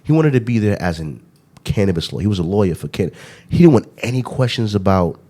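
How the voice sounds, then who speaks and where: A low-pitched man talks quickly as a podcast host in loose, casual chat. He rambles, laughs often and fills gaps with repeated asides. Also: animated, dark tone. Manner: rambling, laughing, filler-heavy.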